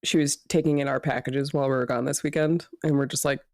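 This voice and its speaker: A woman in her thirties co-hosting a casual podcast chat, telling lively stories and acting out the voices of people she quotes. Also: very deep voice, fast talker, no room sound, clean studio sound. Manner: animated storyteller acting out quotes. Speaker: podcast co-host.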